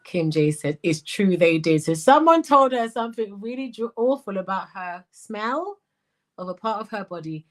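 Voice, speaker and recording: Animated woman a lilt. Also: lowish voice. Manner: animated, slips into patois, bursts of laughter. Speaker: life coach and commentator. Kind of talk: livestream commentary reading comments.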